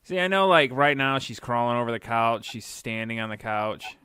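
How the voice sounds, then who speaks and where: A man co-hosting a casual podcast, teasing his partner and giving a running commentary on her antics. His pitch rises and falls a lot, and the recording is close and dry with no room sound. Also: lively intonation, moderate pace, sharp tone, smooth, no echo. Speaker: podcast co-host.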